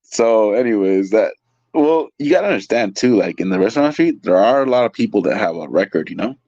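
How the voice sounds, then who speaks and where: A man from California, a restaurant waiter, telling stories in an animated, swearing way full of "like" fillers. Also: on the low side, quick pace, breathy edge, dry recording, highs cut off. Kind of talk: casual storytelling.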